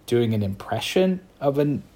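A man co-hosting a podcast, reflecting out loud and qualifying his points. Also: mid-range voice, sing-song, moderate pace. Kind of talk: casual discussion.

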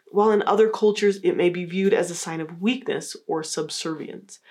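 A woman's voice: medium pitch, a little mellow. Woman coaching through example phrases. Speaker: educator on communication skills. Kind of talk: explanatory talk to camera.

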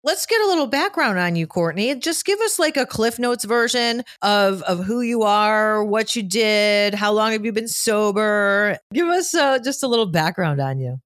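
A woman's voice: medium pitch, expressive, moderate pace, hardly any pauses, fairly bright tone, no echo, studio quality. A woman in her forties hosting a podcast interview in a brash, profane, joking way. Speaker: podcast host.

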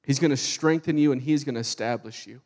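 A man preaching a sermon with animated, fervent delivery. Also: mid-range voice, fast talker. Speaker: pastor.

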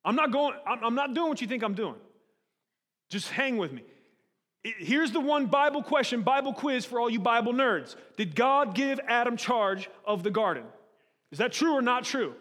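Guy preaching, high-ish voice, lots of questions to the crowd, big echoey church hall. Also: normal speed. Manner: animated preaching, rhetorical questions to the congregation. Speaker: pastor. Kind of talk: sermon. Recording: long hall reverb.

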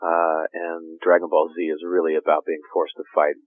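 A middle-aged male actor chatting casually in an interview, relaxed and laughing often. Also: low-pitched, normal speed, no echo. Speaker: actor guest. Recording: tinny phone-like line.

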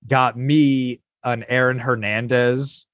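Podcast host, man, mid-pitched, rambling and profane, dry close mic. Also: little pitch movement, takes it slowly, fairly bright tone, dry recording. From lives in New Jersey. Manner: rambling, swearing, frequent laughs. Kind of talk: casual chat.

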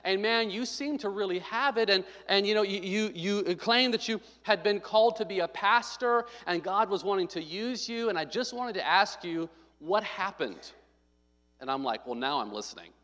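A man's voice: high voice, moderate pace, pushed and bright. A man preaching a sermon, telling a story with joking asides and acting out what people said. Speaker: pastor. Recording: long hall reverb.

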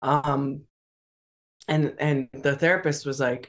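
A guest on a video call talks candidly in a mid-pitched voice. The speech is halting, full of fillers and restarts, broken by nervous laughter. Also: a bit bright. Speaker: interview guest. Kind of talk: candid conversational interview.

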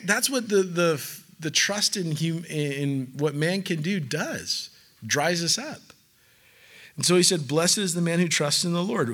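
A man delivering a casual sermon in an easygoing, conversational way, dropping in filler words and playful asides. His voice sits a little on the high side for a man, and he stays lively throughout. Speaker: pastor.

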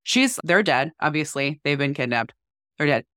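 A woman in her forties co-hosts a podcast and chats casually. Her voice sits low but swings widely as she tells a story and acts out the people in it. The sound is close and dry. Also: normal speed, clear, resonant tone, no room sound. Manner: animated storytelling, acting out quotes. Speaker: podcast co-host. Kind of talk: casual chat.

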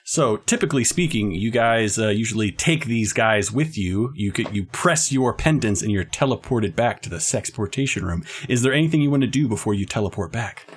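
A man's voice: on the low side, expressive, brisk, few pauses, husky. A man running a tabletop game as game master, playful and often laughing.

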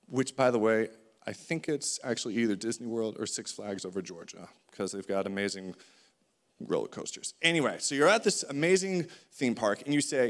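A man preaching a sermon, animated and conversational, acting out the voices in his stories. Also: mid-range voice, a little fast.

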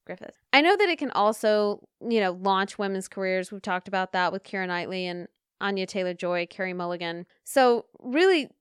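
A woman's voice: medium pitch, animated, normal speed, clear, resonant tone, dry recording, studio quality. A woman co-hosting a podcast, talking enthusiastically in casual chat. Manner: enthusiastic, talkative. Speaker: podcast co-host.

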